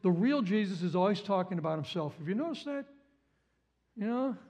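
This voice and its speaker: A man with a high, light voice delivers a sermon as a pastor. He builds with repetition, leans on phrases again and again, and breaks into sudden sharp exclamations. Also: lively intonation, brisk. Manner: impassioned, repeats phrases, jumps to high exclamations.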